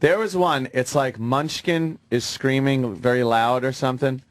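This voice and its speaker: A man's voice: mid-range voice, normal speed, dry recording. A man co-hosting a radio show, telling stories in loose, profane, rambling banter. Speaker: radio co-host.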